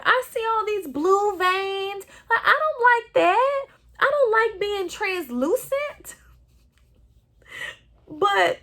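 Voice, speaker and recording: High-voiced impassioned Texan woman. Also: a bit bright. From Southeast Texas. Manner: impassioned, earnest. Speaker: podcast host. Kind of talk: solo podcast monologue. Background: no other speakers or sounds.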